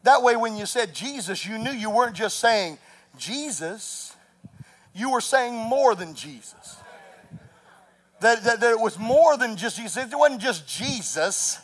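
A man preaching a sermon as pastor, rising to shouts and telling stories with laughter. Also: extremely high pitch, lively intonation, a little slow.

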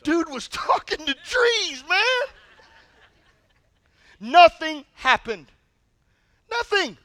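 A male pastor preaching a sermon in an animated, humorous storytelling manner. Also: very high-pitched, extremely slow, no room sound, studio quality.

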